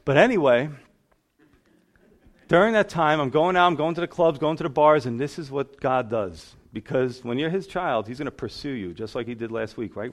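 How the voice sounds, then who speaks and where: A man's voice: mid-range voice, moderate pace. A man, a pastor giving a sermon testimony, telling his story and acting out the voices in it. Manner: storytelling, acts out voices in quotes.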